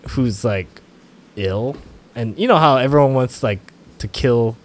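A man's voice: medium pitch, animated, unhurried. A man co-hosting a podcast in casual chat, laid-back and rambling as he talks. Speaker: podcast co-host.

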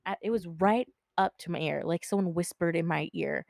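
A woman's voice: lowish voice, fairly quick, vocal fry, darkish tone, no echo, studio quality. A woman casually telling a personal story, chatty and full of fillers, swearing freely and acting out the dialogue. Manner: acts out dialogue in quotes.

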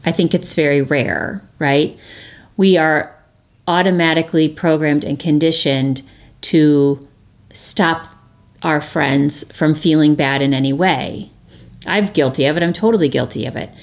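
Low-voiced woman musing earnestly. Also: measured pace, vocal fry, dull audio. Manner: earnest, conversational, with frequent restarts and rhetorical "right?". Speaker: podcast host. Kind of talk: reflective solo talk.

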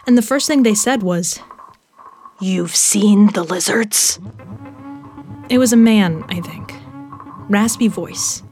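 An actress reading a first-person tale as a young adult obsessed with half-remembered lizards, in a rambling, intense way. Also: female voice, medium pitch, natural voice. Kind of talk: first-person story reading, audio drama.

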